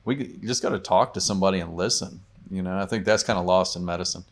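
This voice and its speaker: A deep-voiced man, a doctor appearing as a podcast guest, talks fast and casually. He tells stories and acts out the patients he quotes.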